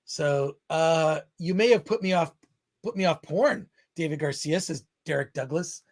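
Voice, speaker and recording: A man's voice: on the high side, measured pace. A man hosting a live-stream film podcast, rambling and joking as he reads chat comments aloud. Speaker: podcast host.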